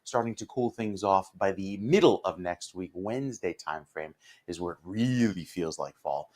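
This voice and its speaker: Man giving the weather, lowish voice. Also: normal speed. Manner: steady explanatory delivery with fillers. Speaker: meteorologist. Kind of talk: live TV weather forecast.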